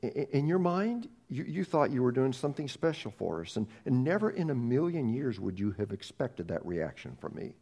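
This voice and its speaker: A middle-aged male pastor preaching a sermon, telling a story with animated delivery and frequent restarts. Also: medium pitch, moderate pace, gravelly, few pauses, slightly rough.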